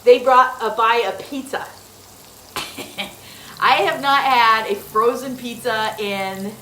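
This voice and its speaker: A woman's voice: fairly high pitch, steady tone, slow pace, sharp tone, a little hiss or hum. A middle-aged woman hosting a casual cooking demonstration in her home kitchen, chatty, laughing often and talking straight to viewers. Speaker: host. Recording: echoey room with faint sizzling. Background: food sizzling in a pan.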